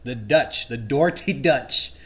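A man hosting a casual podcast chat, telling stories in an animated way, swearing freely and laughing often. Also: mid-range voice, a little slow. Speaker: podcast host.

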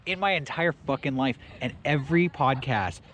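A man's voice: mid-range voice, moderate pace, a bit bright. A man co-hosting a podcast outdoors on a hilltop, teasing and swearing freely in dry, joking chat. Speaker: podcast co-host. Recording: outdoor mic with clear background noise.

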